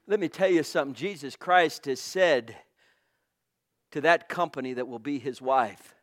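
A man preaching a fervent sermon, swinging between hushed tones and shouting, addressing listeners as brothers and sisters. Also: a little high, moderate pace.

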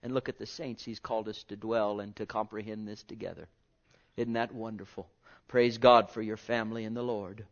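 A man preaching a sermon, reading scripture and swinging from booming to hushed, drawing out his words. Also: moderate pace. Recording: dull lo-fi sermon recording.

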